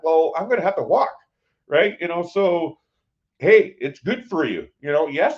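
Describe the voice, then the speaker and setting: A man's voice: a little high, highs cut off. A man live-streaming a casual chat from a cruise ship, rambling with lots of fillers and restarts. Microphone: phone.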